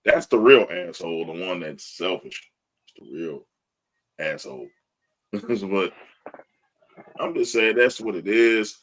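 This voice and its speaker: Low-voiced blunt man, laughing often. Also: animated, unhurried, pauses often, fairly bright tone. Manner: blunt and profane, laughs often between lines. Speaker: podcast co-host. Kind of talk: casual sports podcast chat. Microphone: live stream podcast mic.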